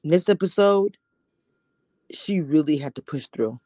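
A woman's voice: low voice, expressive, a little slow, dark tone, dry recording. A woman recapping a TV episode in a casual, chatty way, sometimes dropping to a whisper for emphasis. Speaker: TV show reviewer.

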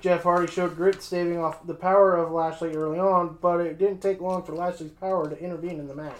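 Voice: medium pitch, steady tone, brisk, reverberant, poor audio. A podcast host reading match recaps from a script and then asking a co-host for his thoughts.

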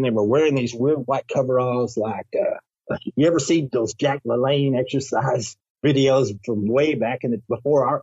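A man's voice: mid-range voice, a little mellow, breathy edge, no room sound. A man telling a personal experience in a rambling way, with many restarts and repeated words. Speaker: storyteller recounting a personal experience. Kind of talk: rambling first-person storytelling. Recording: dull, dry, lo-fi recording.

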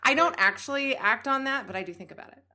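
A woman speaking as a guest on a casual podcast, chatty and animated and quick to laugh. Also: sits high.

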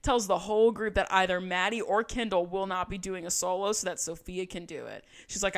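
A woman's voice: mid-range voice, brisk, few pauses. A woman co-hosting a casual podcast, retelling scenes in a chatty, dramatic way with quoted voices. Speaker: podcast co-host. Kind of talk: casual recap chat.

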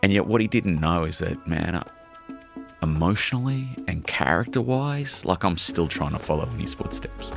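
A man's voice: sits low, expressive, moderate pace, gravelly, over music. A man, middle-aged, an author talking in an interview, earnest and heartfelt, swearing casually. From Australia. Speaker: author guest. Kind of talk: emotional interview talk.

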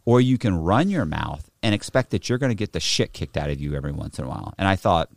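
A man casually telling a rough story, swearing a lot and acting out the other people in it. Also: low voice, fast talker, no echo, studio quality. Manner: profane, animated, acts out other people's voices. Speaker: guest telling a prison story.

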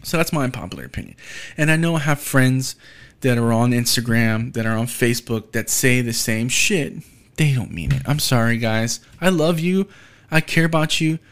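A man's voice: medium pitch, expressive, moderate pace, fairly bright tone, clear, resonant tone. A young man from Texas hosting a podcast, delivering a blunt, profane solo rant. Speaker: podcast host.

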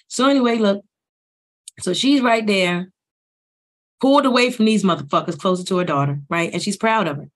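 Blunt, profane woman reviewing a reality show. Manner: blunt, profane, rising loud and high when ranting. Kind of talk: profane casual commentary.

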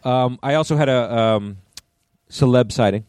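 Mellow-voiced man telling rambling stories. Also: mid-range voice, normal speed, smooth, no room sound, clean studio sound. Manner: rambling storyteller with many restarts and profanity. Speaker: podcast co-host. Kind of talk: casual chat.

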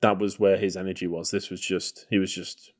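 A man's voice: low voice, level tone, fairly quick. A man co-hosting a podcast, chatting loosely about an old film with lots of fillers. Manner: loose and conversational, many fillers and hedges. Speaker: podcast co-host. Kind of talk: casual film-review chat.

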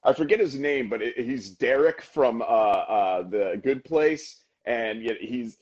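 A man in his thirties, co-hosting a casual podcast, telling an animated story with playful voices for the characters. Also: medium pitch, measured pace, slightly rough, highs cut off. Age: 30s. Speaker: podcast co-host. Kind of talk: casual chat.

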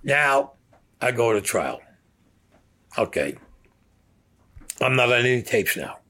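A man's voice: medium pitch, very animated, slow, bright, forceful tone. A man in his sixties telling his own story in a heated, profane way, acting out what others said. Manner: profane, heated, acts out quotes. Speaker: interviewee recounting his past. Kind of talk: casual storytelling.

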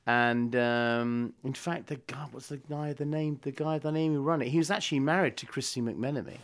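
An older man and musician guest, telling lively anecdotes in casual chat. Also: mid-range voice, moderate pace, slight background noise. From England. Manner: lively storyteller, chuckles often.

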